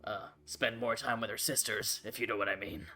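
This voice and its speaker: A man's voice: on the low side, fairly even intonation, a little fast, bright, forceful tone, faint music behind. A man voicing an easygoing male bard in a tabletop game, casual and suggestive.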